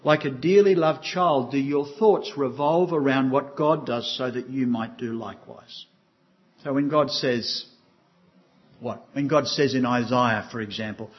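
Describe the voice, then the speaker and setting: Older pastor preaching a sermon. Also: male voice, on the high side, expressive, moderate pace, highs cut off. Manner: earnest, asks the congregation questions.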